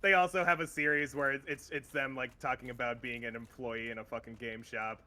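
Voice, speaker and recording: A man's voice: mid-range voice, fairly even intonation, a little fast, sharp tone. A young man streaming a game, chatting casually with friends and laughing often as he retells comedy skits. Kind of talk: casual gaming stream chat.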